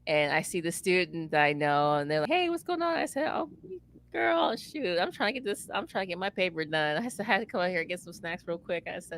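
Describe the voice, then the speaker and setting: Lady with a low bright voice telling a story, lively, does all the voices. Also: fast, slight background noise. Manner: animated, acts out quoted voices, laughs often. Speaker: former campus advisor. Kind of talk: casual storytelling chat.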